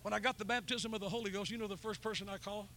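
A man's voice, pitched high with a gravelly edge, carries a revival sermon through a church. He is middle-aged and talks with fervent storytelling energy. Hallelujahs punctuate his lines. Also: fairly even intonation, racing, pushed and bright, a little hiss or hum. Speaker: preacher. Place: church sanctuary.

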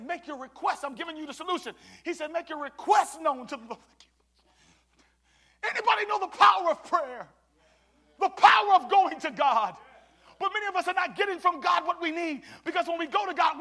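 A pastor preaching with a very high, bright, ringing voice. He swings from loud shouted exhortations down to low, hushed asides and keeps calling out to his congregation. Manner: preaching with call-and-response, swinging between shouts and hushed tones. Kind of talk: sermon.

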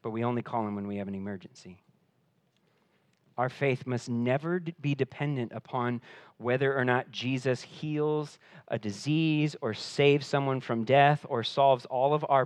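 A man preaching a sermon in an earnest voice that climbs for emphasis and sinks low and quiet. He often repeats words as he restarts a thought. His voice is of middle pitch, recorded dry and close. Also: dry recording. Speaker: pastor.

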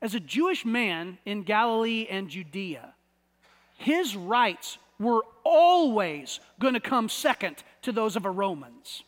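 An American pastor with a high, very animated voice preaches slowly in a big-room acoustic. His sermon is conversational, and he often repeats words while searching for the right phrasing.

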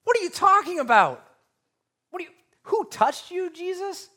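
A man's voice: very high-pitched, very animated, normal speed, pitched above the performer's own voice, full character voice. A man playing an exasperated disciple who can't believe the question he just heard. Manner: shouting, disbelieving. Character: exasperated male disciple Peter, incredulous.

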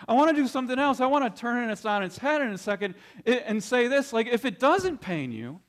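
A man's voice: extremely high pitch, very animated, fairly quick. A man preaching a sermon in an earnest way, often repeating words as he builds to a point. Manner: tells a story with quoted voices. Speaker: pastor.

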